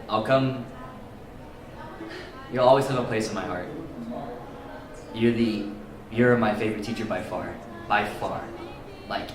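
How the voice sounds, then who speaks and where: A young man, a student, giving an earnest, halting tribute to his teacher. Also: fairly low pitch, noisy background. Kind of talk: heartfelt tribute speech. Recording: roomy, distant, music behind.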